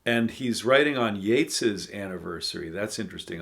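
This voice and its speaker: A man reading poems aloud and talking them through in a thoughtful, musing way, pausing often with ums and uhs. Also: on the low side, expressive. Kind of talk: casual poetry reading and commentary.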